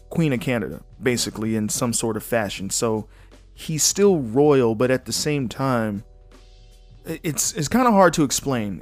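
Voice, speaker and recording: A man's voice: medium pitch, no room sound. A young man hosting a podcast alone, talking casually and bluntly, reading news articles aloud and breaking in with his own opinions. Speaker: podcast host. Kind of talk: casual solo commentary.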